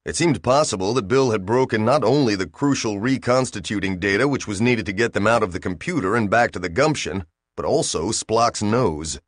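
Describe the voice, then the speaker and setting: Male audiobook narrator, low voice, measured and dry. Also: lively intonation, no echo. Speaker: audiobook reader. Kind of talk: scripted narration.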